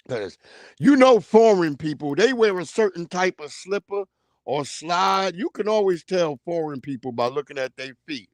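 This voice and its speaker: A man's voice: high-pitched, normal speed, no echo. A man hosting a livestream, telling stories in a casual, profane comedic rant. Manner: animated, profane storytelling. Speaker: livestream host.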